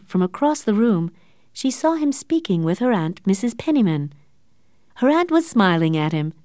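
Expressive woman narrating a storybook. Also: mid-range voice, no room sound, studio quality. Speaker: audiobook narrator. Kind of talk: scripted narration of a graded reader.

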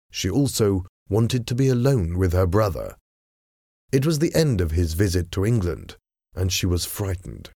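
A man narrating a story in a measured, even reading voice. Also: low voice, no room sound, clean studio sound.

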